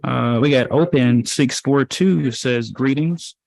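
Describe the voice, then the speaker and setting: A man's voice: medium pitch, slow, creaky, darkish tone, dry recording. Dry-sounding man reading chat comments. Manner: matter-of-fact, reads names off the chat.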